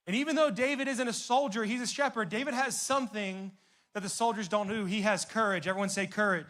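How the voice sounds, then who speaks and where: A man delivers a youth sermon in a loose, chatty style full of slang and asides. His voice sits high and sounds bright and forceful. He keeps the energy up as he talks to young listeners. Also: fast talker. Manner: casual, animated, conversational with slang. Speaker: youth pastor.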